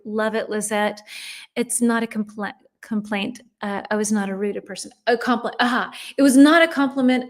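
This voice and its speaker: Woman teaching a live English lesson. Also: fairly high pitch. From United States. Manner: chatty, reads viewers' comments aloud and reacts warmly.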